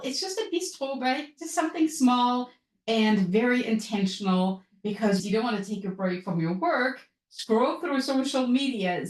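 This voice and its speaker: A European woman with a European accent, a business and wellness coach, hosts her own podcast solo. She's upbeat and chatty with lively swings in pitch, recorded in an echoey room.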